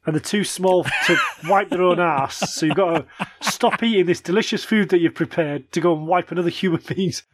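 A man's voice: high voice, fairly quick, noisy background. A British man in his thirties co-hosting a podcast, chatting casually with blunt, crude humour. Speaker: podcast co-host. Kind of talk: casual chat.

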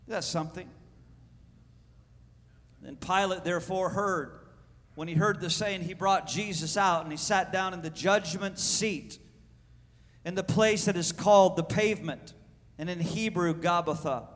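A man preaching a sermon and reading scripture aloud, swinging between shouted proclamation and hushed, slow reading. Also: high voice, expressive, in a large hall.

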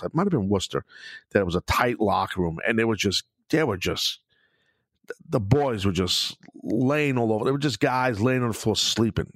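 A man's voice: lowish voice, no room sound, clean studio sound. A man, hosting a podcast in a rambling, profane monologue. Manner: profane, rambling, with frequent restarts; puts on mocking voices of fans. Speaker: podcast host. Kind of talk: casual monologue.

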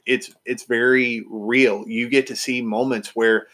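A man's voice: medium pitch, level tone, measured pace, a bit bright. A man hosting a podcast, chatting casually and enthusiastically with lots of fillers and restarts. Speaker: podcast host.

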